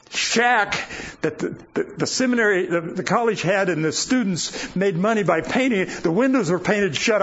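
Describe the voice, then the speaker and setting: A man's voice: high-pitched, fairly bright tone. An older man giving a guest sermon, telling personal stories in a folksy, chuckling way. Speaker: guest preacher. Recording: dull lo-fi recording with faint noise.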